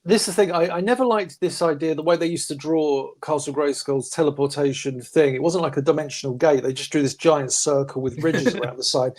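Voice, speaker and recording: A man chatting casually as a podcast host reviewing comics, animated and quick to mimic voices. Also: a little high. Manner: animated, slips into mocking voices for quotes. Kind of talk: casual chat.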